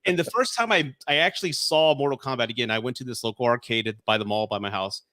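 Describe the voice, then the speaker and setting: A man's voice: medium pitch, quick pace, bright, forceful tone, no echo, clean studio sound. A man in his forties, a guest on a casual podcast chat, telling nostalgic stories with many restarts. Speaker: guest reviewer.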